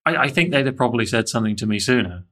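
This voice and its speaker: Candid bright-voiced man. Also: medium pitch, lively intonation, very fast. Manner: candid, self-critical, many restarts. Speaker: interviewee. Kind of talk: reflective personal story.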